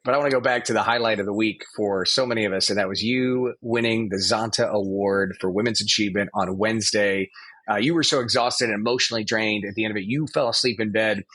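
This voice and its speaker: A man's voice: on the low side, steady tone, quick pace, a bit bright, dry recording. A man co-hosting a casual podcast chat, playful and chatty, who bursts into song now and then. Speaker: podcast co-host.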